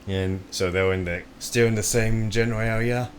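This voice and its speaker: A man playing his character in a tabletop game, thinking out loud and often stopping to restart his sentences. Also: lowish voice, fairly even intonation, moderate pace. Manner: speculative, hesitant, trailing off and restarting. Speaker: player.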